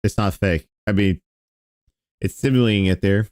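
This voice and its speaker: Man, streamer, low voice, dry sound, sarcastic, profane reaction commentary. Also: normal speed, darkish tone, dry recording. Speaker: streamer reacting to an old video.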